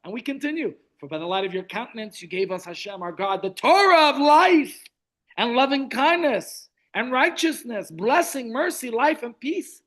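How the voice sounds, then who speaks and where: A man's voice: very high-pitched, lively intonation, moderate pace, fairly bright tone. A middle-aged man teaching a Torah class over a video call, chatty, with asides and restarts.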